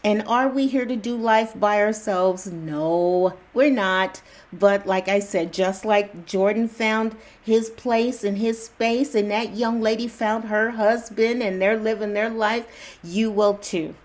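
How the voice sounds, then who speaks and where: A woman's voice: mid-range voice, fairly even intonation, slow pace. A woman hosting her own video channel, giving viewers a casual, reassuring spiritual pep talk in loose, slangy phrasing, chuckling often.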